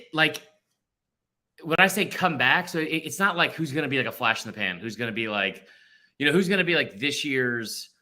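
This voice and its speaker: Guy in his 30s hosting a sports podcast, super bright voice, rambly and joking. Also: mid-range voice. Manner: rambling, self-deprecating, animated. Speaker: podcast host. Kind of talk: casual sports chat.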